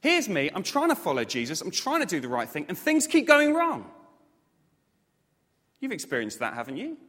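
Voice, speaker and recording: A man preaching a sermon, animated and self-mocking, with jokey asides to the congregation. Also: high voice, moderate pace. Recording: long hall reverb.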